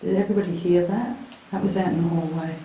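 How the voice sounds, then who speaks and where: A woman hosting a live ghost hunt in a dark stone prison cell, chatting nervously to her viewers. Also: lowish voice, fairly even intonation, quick pace. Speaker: paranormal investigator and host. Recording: very echoey stone room with hiss.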